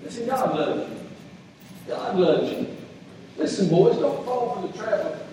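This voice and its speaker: A middle-aged male pastor preaching a folksy sermon, telling a story and swinging from quiet asides to shouted peaks. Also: high voice, lively intonation, unhurried, a little hiss or hum. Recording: roomy echoey hall, mic far off.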